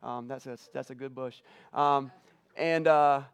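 A man's voice: medium pitch, steady tone, unhurried, clear, resonant tone. A middle-aged male pastor telling a story in a sermon, emotional and conversational, often repeating words as he goes. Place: church auditorium.

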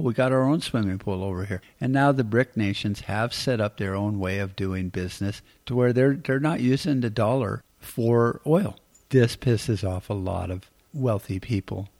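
A man's voice: fairly low pitch, moderate pace, darkish tone. A middle-aged American man hosting a podcast, giving rambling, blunt political commentary and swearing freely. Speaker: podcast host.

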